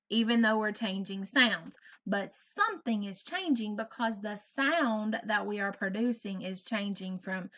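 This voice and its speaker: A woman's voice: medium pitch, pushed and bright. A woman teaching an online first grade phonics lesson, patient and encouraging, carefully over-enunciating each sound. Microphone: computer mic on a video lesson.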